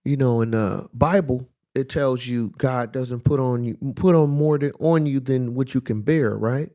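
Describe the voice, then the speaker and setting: A man's voice: medium pitch, unhurried, mellow. A young adult man, giving a casual motivational monologue and often checking in with "you feel me?". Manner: conversational, repeats "you know what I'm saying" and "you feel me". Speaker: motivational speaker.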